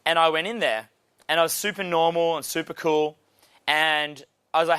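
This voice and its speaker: Brash Australian man with a bright voice. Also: a little high, normal speed, smooth, no echo. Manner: brash, swearing, animated storytelling. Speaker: dating coach. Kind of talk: casual instructional talk.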